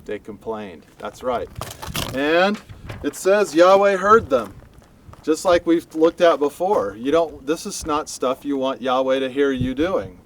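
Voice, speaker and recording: A man teaching a Bible lesson outdoors in a lively, conversational storytelling manner, talking straight to his listeners. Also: mid-range voice, measured pace, recorded from a distance, a little hiss or hum, poor audio. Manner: animated, storytelling, addresses listeners directly.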